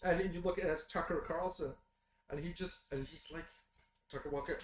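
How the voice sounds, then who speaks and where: A man running a tabletop game, narrating in a chatty, amused manner. His voice sits high for a man. The recording is roomy and distant, with faint noise. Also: fairly even intonation, brisk. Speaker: game master.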